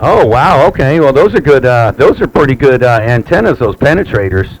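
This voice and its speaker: A man chatting on a CB radio from his home station, relaxed and repetitive, with many fillers. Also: mid-range voice, brisk, noisy background. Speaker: CB radio operator. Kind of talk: live radio chat. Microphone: radio transceiver mic.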